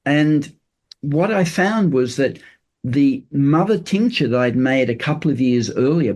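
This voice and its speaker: Talking earnestly as a podcast guest, this older man explains things loosely, often stalling on fillers and starting sentences over. The casual interview chat carries his medium-pitched, slightly mellow voice.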